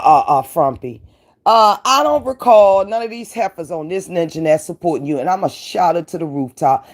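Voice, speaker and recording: Woman, commentary host, taunting rant, profane, repetitive, very expressive pitch. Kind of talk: confrontational rant at a rival.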